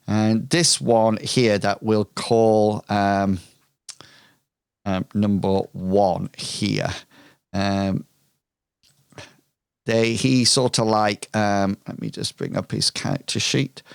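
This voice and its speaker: A game master leads a tabletop session at an unhurried crawl, filling the gaps with ums. His low voice is smooth and clear, and it is recorded dry and close. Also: flat delivery, dry recording. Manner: hesitant, full of ums, descriptive.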